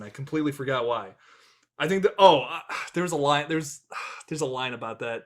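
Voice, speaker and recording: A man's voice: mid-range voice, lively intonation, fairly quick. A young man hosting a casual film review podcast, rambling and crude, laughing often at his own jokes. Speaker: podcast host.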